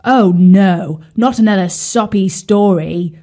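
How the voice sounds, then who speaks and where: A woman's voice: mid-range voice, slow pace, warm tone. A woman voicing a grumpy, rude male carp in a children's storybook, who talks in a snappish, scornful way.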